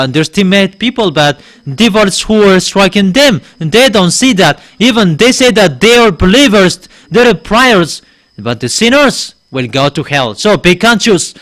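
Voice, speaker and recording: Slow, halting Malagasy man preaching. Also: sits high, fairly bright tone. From Madagascar. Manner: halting, with many uh pauses and restarts; insistent, emphatic declarations. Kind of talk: sermon in English.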